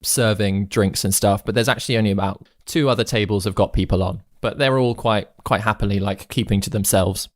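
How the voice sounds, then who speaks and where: A man's voice: lowish voice, a little fast, hardly any pauses. A man running a tabletop game as game master, narrating casually with laughs and restarts.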